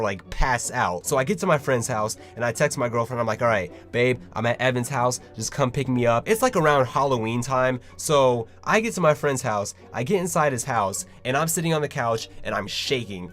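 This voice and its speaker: Young man telling a rambling story. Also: mid-range voice. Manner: rambling, excitable storytelling with swearing. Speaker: vlogger. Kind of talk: casual storytime vlog.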